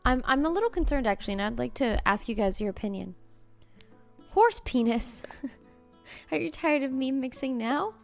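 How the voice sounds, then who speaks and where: A woman's voice: high-pitched, expressive, normal speed, vocal fry, soft background music. A woman streamer in casual chat with her viewers, playful, laughing and swearing freely.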